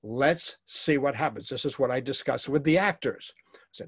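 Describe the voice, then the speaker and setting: A man's voice: medium pitch, normal speed, husky, no echo, studio quality. A man teaching a workshop to actors and directors, speaking emphatically and repeating his key phrases.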